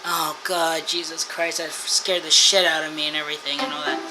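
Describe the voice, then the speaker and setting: A woman's voice: sits low, level tone, normal speed. A woman hosting a gaming channel, reading the game's text aloud in a let's-play and breaking off into shaken swearing. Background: loud game music.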